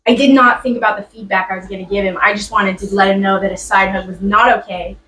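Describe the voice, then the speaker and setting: A woman's voice: mid-range voice, steady tone, fast talker, pushed and bright, reverberant, distant mic, slight background noise, rough recording. A young woman in a class, telling a personal story in a chatty way with many fillers and laughs. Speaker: student sharing a story.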